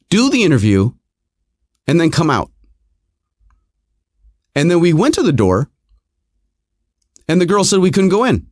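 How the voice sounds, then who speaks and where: A middle-aged man hosting a podcast, telling a comic story in an exasperated, animated, self-mocking way. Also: on the high side, dry recording, clean studio sound.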